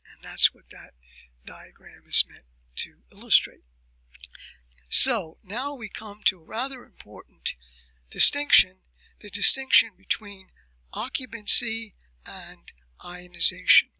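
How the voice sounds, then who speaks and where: A man giving a recorded university lecture, explaining step by step with deliberate emphasis and rhetorical questions. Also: high-pitched, sharp tone, breathy edge, no room sound, rough recording.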